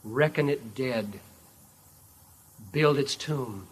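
A man preaching a sermon in a church, telling a story dramatically and swinging from loud declarations to hushed asides. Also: mid-range voice, drawn-out words, slightly rough.

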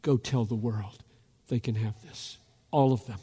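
A pastor preaching a fervent sermon, rising to loud calls as he urges his listeners. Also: mid-range voice, steady tone, measured pace, husky. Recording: long reverb of a large hall.

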